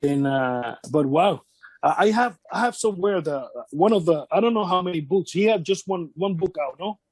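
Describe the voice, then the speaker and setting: Man, fairly high voice, dry close sound, halting storyteller, repeats himself. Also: expressive, a little mellow, husky, dry recording. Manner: halting, repeats words, acts out quotes of others. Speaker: wrestling veteran interviewee. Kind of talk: casual shoot interview storytelling.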